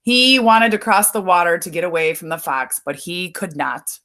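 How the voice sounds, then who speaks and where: A woman reading a picture book aloud as a storyteller, pausing to add explanatory asides for listeners. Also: fairly low pitch, expressive, a bit bright.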